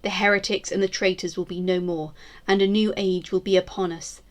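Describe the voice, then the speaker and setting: A woman putting on a zealous Tudor queen with a voice, proud and vengeful. She declaims in grand, stately lines of mid pitch, building toward fury as she swears oaths. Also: flat delivery, brisk, natural voice. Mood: commanding.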